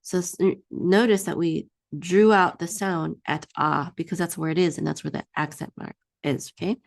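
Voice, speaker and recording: A woman teaching a one-on-one Hebrew reading lesson, patiently singing each word out slowly for her student to repeat. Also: lowish voice, steady tone, vocal fry, dry recording, clean studio sound.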